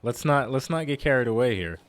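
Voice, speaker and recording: A man's voice: medium pitch, animated, fairly quick. A man casually commenting while he plays a video game, rambling, laughing often and poking fun at himself. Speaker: gaming YouTuber. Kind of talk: casual let's-play commentary.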